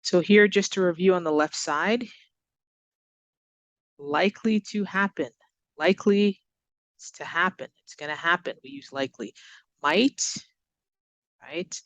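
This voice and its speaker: A woman teaching English to learners, giving example sentences and repeating words slowly with exaggerated stress. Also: sits low, no echo. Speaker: ESL teacher. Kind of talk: recorded English lesson.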